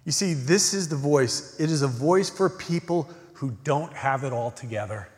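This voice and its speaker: A man preaching a sermon as pastor, earnest, swinging from emphatic questions to hushed, near-whispered lines. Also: fairly high pitch, animated, moderate pace. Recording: long reverb of a large hall.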